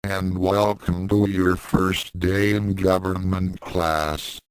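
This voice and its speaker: A man's voice: deep voice, flat delivery, takes it slowly, clean tone. A man reading the part of a sultry, teasing demonic woman teacher in a storybook.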